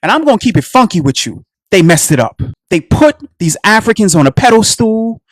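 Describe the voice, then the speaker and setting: A Black American man from the United States hosts a radio talk show, giving a preachy, impassioned monologue and calling his listeners "family." His voice sits high with big pitch swings and a brisk pace. The studio-quality recording has no room sound.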